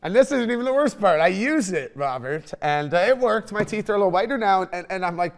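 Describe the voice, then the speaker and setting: Animated young man telling a story. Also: high-pitched, brisk, gravelly, hardly any pauses. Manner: animated, swearing, laughing storyteller. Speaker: podcast host. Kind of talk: casual storytelling chat.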